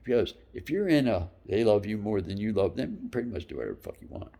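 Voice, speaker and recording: A man in his fifties telling rambling stories, profane and loose, dropping into whispered asides between louder bursts. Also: lowish voice, very animated, fast, gravelly. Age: 50s. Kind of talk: rambling storytelling monologue.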